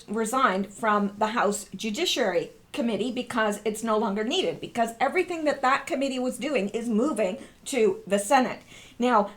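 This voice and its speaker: A woman hosting a casual commentary, explaining online posts and reading statements aloud with emphatic repetition. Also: on the high side. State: coughing, throat clearing. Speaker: political commentary host.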